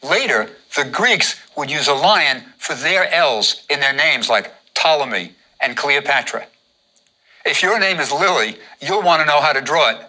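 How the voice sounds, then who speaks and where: A man's voice: on the high side, expressive, unhurried, pushed and bright, rough recording. A man teaching how to draw hieroglyphs, giving patient step-by-step instructions and repeating each step. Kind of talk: step-by-step drawing lesson.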